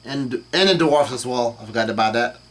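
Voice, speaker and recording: Dude reading a comic chapter out loud for his channel, average pitch, keeps going um and restarting words. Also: fairly quick. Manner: reads dialogue aloud flatly, with fillers and self-corrections. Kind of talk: casual live reading and commentary.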